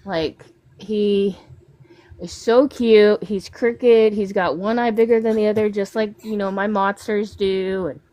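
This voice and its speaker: A woman's voice: mid-range voice, steady tone, measured pace, warm tone. A woman guest on an interview show, telling a painful personal story in a rambling, emotional way. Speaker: guest artist. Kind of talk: casual interview talk.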